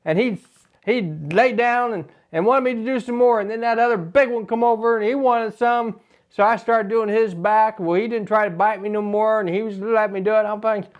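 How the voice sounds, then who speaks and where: A man telling a rambling comic tall tale in a folksy, drawn-out way. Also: high voice, dull audio. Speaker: comedic storyteller.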